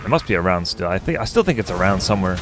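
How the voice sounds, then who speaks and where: A man's voice: deep voice, big pitch swings, rapid-fire. A young man casually rambling through commentary while playing a video game. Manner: rambling, chatty asides. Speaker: game streamer. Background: game music.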